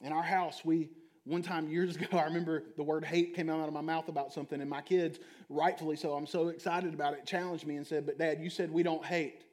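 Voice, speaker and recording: A pastor with a fairly high voice delivers a sermon. He talks to the congregation conversationally and keeps asking them questions. His volume swings from soft, hushed stretches to loud, animated ones. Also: fast. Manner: animated, shifting between loud and quiet.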